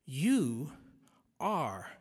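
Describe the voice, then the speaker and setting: A man's voice: on the high side, huge pitch swings, extremely slow, slightly rough. A male preacher giving an emphatic sermon, driving points home by repetition and adding wry asides. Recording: long reverb in a large hall.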